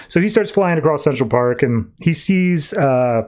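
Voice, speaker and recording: A man's voice: fairly high pitch, lively intonation, a little mellow. Man casually recapping a comic book. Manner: retells scenes with quick quoted voices. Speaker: podcast host.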